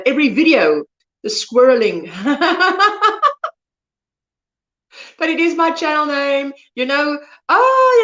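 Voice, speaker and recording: South african lady rambling thru a live chat, higher voice, kinda dull lo-fi sound. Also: pushed and bright. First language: Afrikaans. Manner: chatty, rambling, loses words mid-sentence. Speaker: crochet livestream host. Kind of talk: casual livestream chat reading comments.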